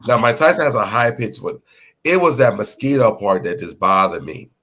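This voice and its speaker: A man hosting a casual recap chat show, animated and joking, often mimicking people. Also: mid-range voice, moderate pace. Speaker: show host.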